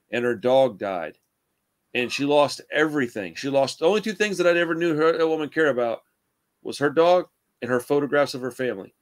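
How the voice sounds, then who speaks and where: Swearing young man telling rambling stories. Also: mid-range voice. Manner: rambling storyteller, swears a lot, says dude and bro. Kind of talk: casual chat.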